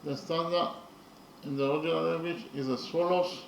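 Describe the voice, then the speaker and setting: A man teaching poetry in a slow, methodical lecture, counting syllables carefully and pausing often with fillers. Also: on the high side, steady tone, creaky, roomy sound, a little hiss or hum, rough recording.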